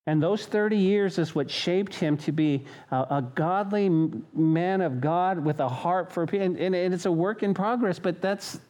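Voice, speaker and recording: A man preaching a sermon as pastor, animated and restarting often, acting out quoted voices. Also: sits high, normal speed, hardly any pauses.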